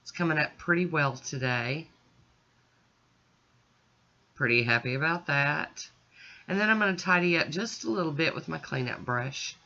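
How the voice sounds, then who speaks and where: Bright-voiced woman narrating a nail tutorial. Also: deep voice, lively intonation, normal speed, pauses often, highs cut off. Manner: chatty, talks through each step. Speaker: nail art channel host. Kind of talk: casual voice-over nail tutorial.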